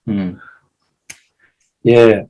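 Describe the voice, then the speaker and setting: A man talking in a casual conversation, halting with many restarts and laughing often. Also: lowish voice, steady tone, dark tone, rough recording. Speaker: guest.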